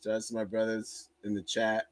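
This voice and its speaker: A man's voice: lowish voice, completely flat delivery, brisk. A man hosting a livestream, reacting in a casual, profane and joking way. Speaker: streamer host.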